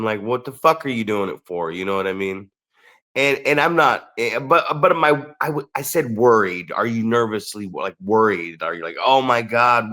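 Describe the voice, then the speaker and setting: A man's voice: medium pitch, a bit bright. A man co-hosting a podcast, chatting casually about wrestling and his students, telling stories bluntly with plenty of swearing. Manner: blunt, profane, storytelling. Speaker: podcast co-host, wrestling trainer.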